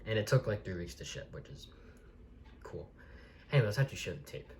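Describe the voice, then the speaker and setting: A man's voice: on the low side, animated, fairly quick, pauses often, slight background noise. A man reviewing a collectible video tape from the desk in his bedroom, talking casually and rambling with many restarts.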